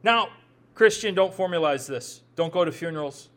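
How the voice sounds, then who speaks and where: A man's voice: sits high, expressive, moderate pace, a bit bright. A man with a Midwestern accent preaching a sermon as pastor, conversational, often repeating words as he thinks aloud and adding joking asides.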